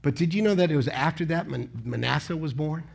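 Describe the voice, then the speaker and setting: A man preaching a sermon in a conversational way, asking the congregation questions and punching key words with sudden loud emphasis. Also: on the high side, fast, gravelly, breathy edge. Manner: asks the congregation rhetorical questions.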